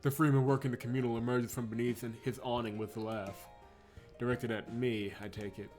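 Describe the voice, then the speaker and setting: A man of middle pitch reads a visual novel aloud on a livestream, switching between dramatic narration and playful asides. He laughs often and trips over words, correcting himself as he goes. Soft music plays faintly underneath. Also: flat delivery, a little fast. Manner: chuckles often, breaks off into playful commentary; stumbles and self-corrects on words. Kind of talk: dramatic read-through with casual asides.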